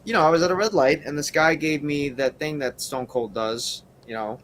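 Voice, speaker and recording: A man's voice: a little high, normal speed, a bit bright, slight background noise. A man telling a rambling story in a casual interview, full of fillers and asides. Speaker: wrestler guest.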